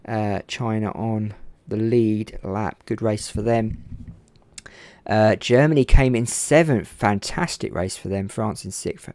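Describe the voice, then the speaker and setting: A man giving excited race commentary over a racing game from home, his voice climbing when the action gets close. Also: on the low side, dry recording.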